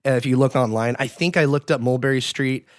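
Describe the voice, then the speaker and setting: A man hosts a podcast in a loose, rambling way, full of fillers. His voice sits at an ordinary pitch and is recorded close and dry. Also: fairly even intonation, quick pace, no echo. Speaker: podcast host. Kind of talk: casual podcast chat. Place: podcast studio.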